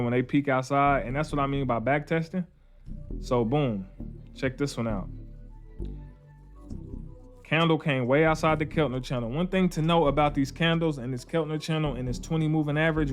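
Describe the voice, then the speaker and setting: A man, teaching trading in a casual screen-share tutorial with informal, repetitive talk and slangy asides. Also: medium pitch. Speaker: trading educator.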